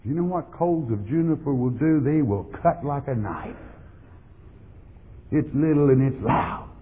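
A man's voice: mid-range voice, expressive, a little slow, a little hiss or hum. A man preaching a sermon as pastor, emphatic and repeating words for stress, on a tinny, lo-fi recording. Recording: tinny lo-fi sound in a reverberant hall.

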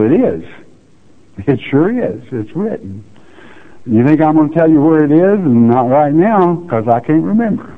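Male preacher, unhurried delivery, joking asides, thin phone-like recording. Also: a little high. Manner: folksy, teasing asides. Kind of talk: verse-by-verse Bible teaching. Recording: tinny phone-like audio.

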